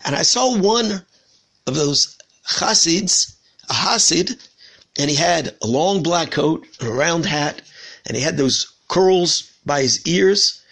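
A man's voice: on the high side, a bit bright, slightly rough, heavily acted. A rabbi quoting a sincere Texan donor man. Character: sincere Texan man Lenny, middle-aged, humble donor.

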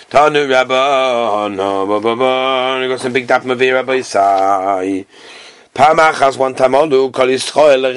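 Man, Talmud teacher, Yeshivish Ashkenazi Hebrew pronunciation, lively pitch, dry sound. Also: dry recording. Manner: animated storytelling, acting out characters with big jumps in pitch. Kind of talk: Talmud class, reading Aramaic and translating.

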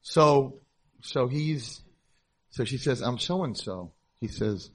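A man's voice: mid-range voice, slow pace, husky. A middle-aged man, a rabbi, telling stories in a conference talk and acting out the people in them. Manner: animated storyteller, acts out voices. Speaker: rabbi and school founder.

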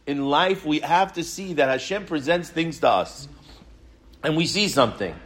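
A man teaching a Torah class, telling stories in an animated way and asking many rhetorical questions. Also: fairly high pitch, normal speed.

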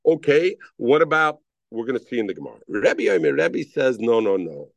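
A man's voice: on the high side, big pitch swings, a little fast, gravelly, no room sound. A man teaching a Daf Yomi Talmud class, calling on students by name and mixing in Hebrew and Aramaic terms.

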